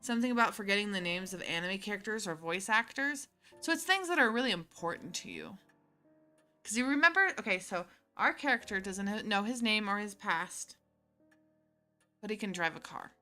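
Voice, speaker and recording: A woman's voice: mid-range voice, expressive, moderate pace, sharp tone, soft background music. A woman streamer casually reading and chatting through a story game, laughing often. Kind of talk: casual let's-play commentary and reading.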